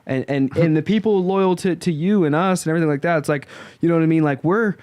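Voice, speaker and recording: Animated young man telling stories. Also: a little high, quick pace, no echo. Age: 20s. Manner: animated storytelling, laughs often. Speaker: podcast host. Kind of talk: casual podcast chat.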